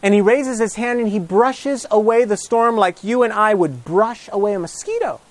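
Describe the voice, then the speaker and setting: Male preacher, high bright pitch, dry close sound, animated storyteller who drops to near whispers. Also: moderate pace, no room sound. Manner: animated, acts out gospel scenes with shifting pitch and hushed lines. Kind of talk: storytelling sermon.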